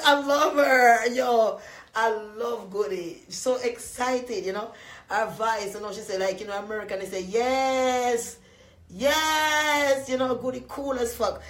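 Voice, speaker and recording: A Jamaican woman hosts a live stream, rambling loudly and profanely to her viewers. Her voice sits at an ordinary middle pitch. The room around her is echoey. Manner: profane, loud and animated with frequent laughs. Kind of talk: casual rambling chat to viewers.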